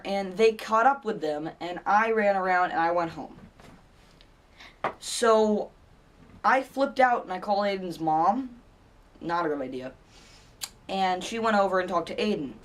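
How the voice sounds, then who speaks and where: A man's voice: high-pitched, fairly bright tone, recorded from a distance. A teenage boy vlogger telling a story in a rambling way, with many fillers and restarts. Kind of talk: casual storytelling vlog.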